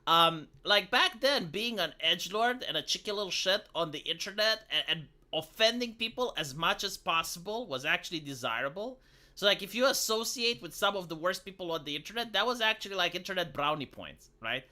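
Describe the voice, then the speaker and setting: A man on a live stream talks in a high, piercingly bright voice. He is animated and jumps readily into mocking impressions as he chats. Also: brisk. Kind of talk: casual chat on a live stream.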